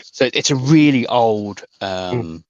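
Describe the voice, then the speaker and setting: A man, narrating a tabletop game as game master in a halting, descriptive way with many fillers. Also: mid-range voice, expressive, darkish tone, dry recording, highs cut off.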